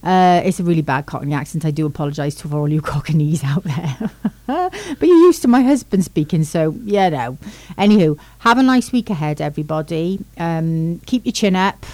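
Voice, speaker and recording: A woman's voice: sits low, moderate pace, a little mellow, no room sound. A woman radio host signing off her show in a casual, playful, self-mocking way, sending friendly farewells. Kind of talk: casual sign-off chat.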